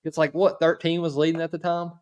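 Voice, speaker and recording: A man hosting a casual podcast, relaxed, laughing along and asking his guests questions. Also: on the high side, fast talker, clean tone. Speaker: podcast host. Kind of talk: casual chat.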